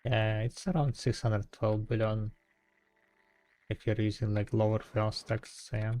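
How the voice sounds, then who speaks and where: A man streaming a game, chatting casually with viewers and thinking aloud in an unhurried way. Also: fairly low pitch, little pitch movement, a little mellow. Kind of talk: casual live-stream chat.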